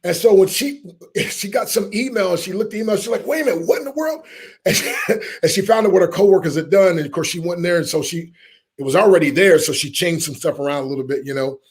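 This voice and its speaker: A middle-aged man, a motivational speaker telling a lively story in an interview and acting out the people in it. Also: high-pitched, fast talker, husky. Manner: animated storyteller, acts out quoted voices, laughs often.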